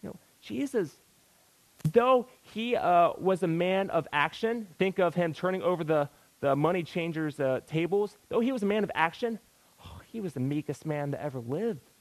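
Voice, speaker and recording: A man's voice: sits high, animated, moderate pace, dry recording, low-quality recording. A man preaching a sermon in a folksy, exclamatory way, breaking into sudden outbursts.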